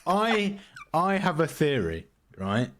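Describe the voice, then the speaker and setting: A British man co-hosting a podcast, laying out a film theory in a measured way. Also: on the high side, wildly swooping pitch, fairly bright tone, a little hiss or hum. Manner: measured, building a theory step by step. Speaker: podcast co-host. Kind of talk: casual film review chat.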